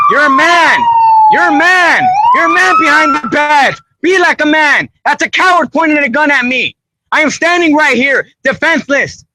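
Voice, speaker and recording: A man's voice: very high-pitched, very noisy. A man in a roadside standoff, frightened and crying, pleading over and over that he is no threat. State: crying, shaken. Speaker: citizen filming a police stop. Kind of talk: pleading confrontation on camera. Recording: played video clip.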